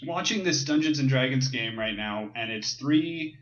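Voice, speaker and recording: Man on a lo-fi call, animated. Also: mid-range voice, normal speed. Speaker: podcast co-host. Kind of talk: casual podcast chat over a call. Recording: dull lo-fi call audio.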